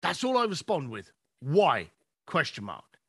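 Animated high-voiced man coaching. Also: moderate pace. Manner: animated storytelling, acting out clients' lines. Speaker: business coach. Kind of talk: podcast conversation.

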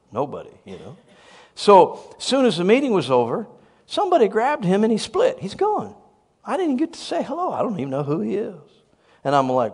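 Man, pastor, storytelling sermon, self-deprecating humor, fairly high voice, very lively pitch. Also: in a large hall.

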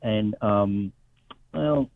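A man telling stories in a wry, animated way as a guest, calling in from home, over a tinny phone line. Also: fairly low pitch, extremely slow, vocal fry, dry recording. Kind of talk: casual storytelling. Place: home in New York.

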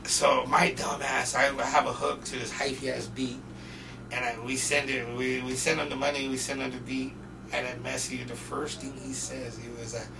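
A young man from North Portland, Oregon, guesting on a podcast and telling profane, animated stories full of acted-out quotes. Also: medium pitch, moderate pace, vocal fry. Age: young adult. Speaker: guest rapper. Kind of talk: casual storytelling interview. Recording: distant mic with noisy background.

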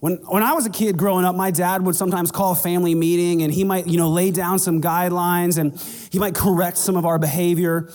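A man preaching in a casual, talkative way, his voice a little on the high side. The sound carries a long reverb as if from a large church hall. When he plays out conversations with churchgoers, his voice leaps up in pitch. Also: little pitch movement, a little fast, a little mellow. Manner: conversational preaching, acts out dialogue in a raised voice. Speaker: pastor. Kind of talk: sermon.

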